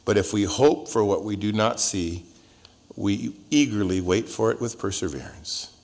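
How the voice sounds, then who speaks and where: A male pastor teaching through a Bible passage verse by verse in a relaxed, joking, conversational way, his voice swinging up and down. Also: normal speed. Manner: conversational and joking, with wide swings in pitch and loudness.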